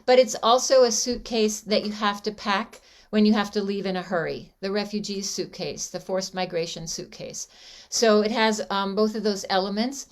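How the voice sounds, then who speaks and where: A woman's voice: medium pitch, normal speed. A woman guest song leader chatting on a video call, introducing a song with frequent ums. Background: guitar music.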